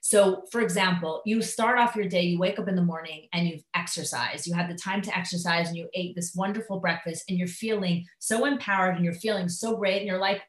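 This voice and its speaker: A woman's voice: on the low side, normal speed, few pauses. Woman lecturing in an echoey room. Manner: animated, acts out inner voices, many fillers. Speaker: teacher. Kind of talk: live lecture on Jewish thought. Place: classroom at a school.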